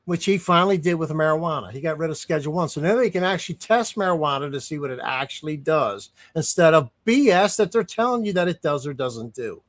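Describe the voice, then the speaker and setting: Indignant man, slightly high voice. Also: expressive, quick pace, hardly any pauses. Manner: indignant, rambling, with frequent restarts and digressions. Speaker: streamer giving commentary. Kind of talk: casual unscripted commentary.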